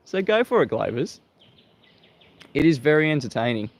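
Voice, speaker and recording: A man's voice: a little high, big pitch swings, normal speed. An Australian man hosting a livestream, greeting viewers and mocking his critics with frequent laughter. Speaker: livestream host. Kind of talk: live-stream monologue greeting viewers.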